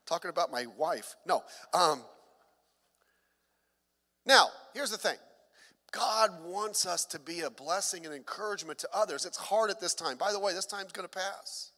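A man's voice: high-pitched, animated, normal speed, bright, forceful tone, big-room sound. A middle-aged man, a pastor, preaching a sermon in a conversational way with joking asides.

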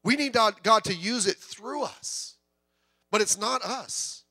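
A man's voice: sits high, takes it slowly, bright, forceful tone, dry recording. A middle-aged man preaching a sermon in a conversational, joking way that swells into bursts of intensity. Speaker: pastor.

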